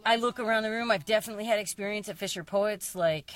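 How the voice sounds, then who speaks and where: A woman who fishes commercially, chatting casually and reading her own story aloud, with lively jumps in pitch when she quotes people. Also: fast, dry recording. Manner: lively, mimics other people's voices with sharp pitch jumps. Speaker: commercial fisher and zine publisher.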